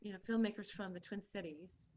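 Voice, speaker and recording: A middle-aged woman from the Midwest, hosting a casual chat with lively enthusiasm and frequent restarts. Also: mid-range voice, fairly quick, dull audio, slight background noise. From born in Minnesota, raised in Iowa. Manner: animated, enthusiastic, many restarts. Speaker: host. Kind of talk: casual video-call chat.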